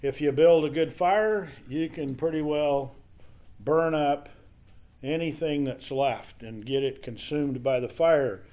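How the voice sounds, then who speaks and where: A man teaching a Bible study lesson in a halting, conversational way, often restarting his sentences. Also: fairly high pitch, dark tone.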